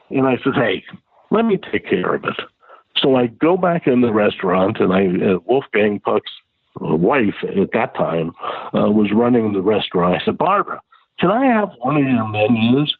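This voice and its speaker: A man's voice: moderate pace, breathy edge, no echo. A man telling a casual anecdote as a guest, acting out the people he quotes. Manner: lively, acts out quoted voices with big pitch jumps. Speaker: guest storyteller. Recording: tinny phone-like sound.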